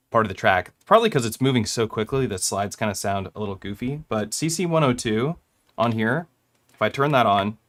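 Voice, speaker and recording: Lowish and a bit bright, a young man's voice guides a relaxed demo of how he built a track on his hardware. He rambles slightly, laughing softly whenever he corrects himself.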